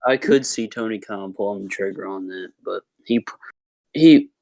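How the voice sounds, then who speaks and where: A man's voice: fairly low pitch, moderate pace, a little mellow. A man co-hosting a casual podcast, rambling, swearing, and acting out quoted bits. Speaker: podcast co-host. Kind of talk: casual chat.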